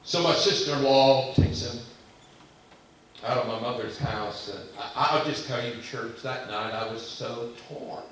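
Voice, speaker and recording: A man preaching a sermon, moving between loud, emphatic declarations and quiet, hushed storytelling as he addresses the congregation. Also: medium pitch, measured pace. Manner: impassioned, swinging from loud emphasis to hushed telling. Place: church sanctuary. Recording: very echoey church hall from far off, faint hiss.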